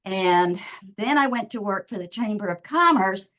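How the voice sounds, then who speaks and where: A woman's voice: mid-range voice, expressive, moderate pace, a bit bright. A woman, slightly out of breath, introducing her web design business in a chatty, rambling way on a video call. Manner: chatty and rambling, with many fillers.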